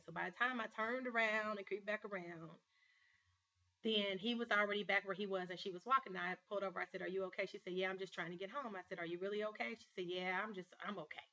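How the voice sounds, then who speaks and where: A woman's voice: mid-range voice, bright, forceful tone, highs cut off. A woman hosting her own vlog show, talking straight to camera in an earnest, emphatic storytelling manner. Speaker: life coach and show host. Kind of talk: personal vlog monologue.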